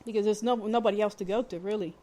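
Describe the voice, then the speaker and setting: A woman hosting a podcast, telling a personal story in a candid, plainspoken way, with halting restarts and fillers. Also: mid-range voice, fairly even intonation, dark tone. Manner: candid and plainspoken, with mild swearing. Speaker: podcast host.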